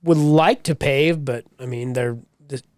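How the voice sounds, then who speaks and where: A man's voice: mid-range voice, unhurried, a little mellow, no room sound, studio quality. A man co-hosting a podcast, talking in a laid-back, casual way about his work week. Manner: laid-back, laughs often, rises when joking. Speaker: podcast co-host; works for a paving company. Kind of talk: casual chat.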